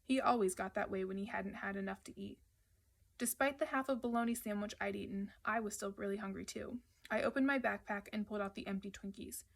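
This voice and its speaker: A woman reading a children's adventure novel aloud, narrating in the first person at a steady, lively pace. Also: mid-range voice, a little fast, gravelly. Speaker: audiobook reader. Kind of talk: children's book read aloud.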